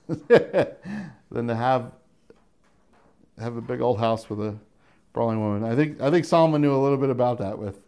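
A middle-aged man working through scripture verse by verse in a relaxed, conversational way. His voice sits at an ordinary pitch, and he often chuckles and acts out the people he quotes. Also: clean tone. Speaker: pastor teaching a Bible study. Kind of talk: casual verse-by-verse Bible teaching.

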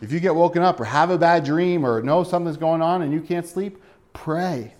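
Male pastor, thirties, slightly high pitch; relaxed conversational sermon full of questions to the congregation. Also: fairly quick.

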